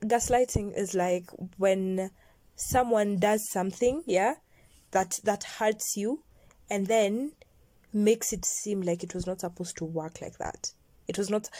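Young woman, casual vlog chat, warm mellow tone, dry close sound, rambling, slips into whispers. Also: mid-range voice, takes it slowly, no echo. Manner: chatty, digressive, drops into near-whispers. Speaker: vlogger. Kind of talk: casual storytelling to camera.

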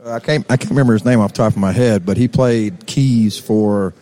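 A man's voice: lowish voice, fairly quick, dark tone. A man with a Texan accent, telling rambling stories as a musician guest on a casual chat show. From Texas. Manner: laid-back, rambling, laughs often.

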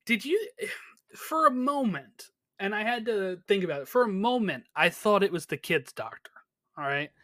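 A man with a notably high voice recaps a TV episode in a loose, chatty podcast style. He keeps tossing questions to his co-host and fills gaps with "you know" and "um". The sound is close and dry, with no room around it. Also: lively intonation, moderate pace, pushed and bright, no room sound. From United States. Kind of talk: casual chat recapping a TV episode.

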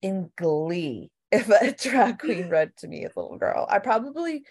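A woman in casual chat recapping a TV show, animated and swearing freely as she acts out quotes. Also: mid-range voice, normal speed, slightly rough. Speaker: podcast co-host.

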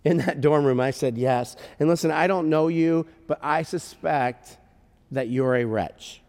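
A male pastor preaching a sermon, telling stories with emotion and breaking into shouts at times. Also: fairly high pitch, measured pace. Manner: storytelling, emotional, with shouted bursts. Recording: long hall reverb.

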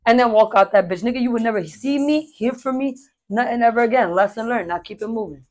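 A podcast host, an adult with a stepdaughter and a son, chats casually and tells energetic stories, blunt and full of profanity. Her voice runs on the high side and she talks fast.

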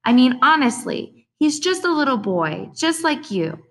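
A woman's voice: high-pitched, big pitch swings, a little slow, fairly bright tone, voice pushed up, exaggerated voice. Woman playing a firm scolding mother. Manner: scolding, earnest. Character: firm, caring mother of two boys.

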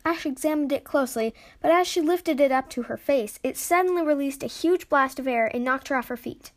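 A woman reading a children's adventure story aloud, with lively storytelling. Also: on the high side, normal speed. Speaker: story reader.

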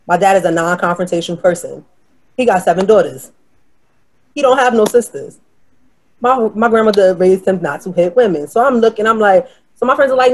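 A woman from New York telling a story in a brash, profane, animated way, acting out the other people's lines. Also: medium pitch, brisk. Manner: brash, profane, animated retelling with quoted voices. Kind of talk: casual storytelling.

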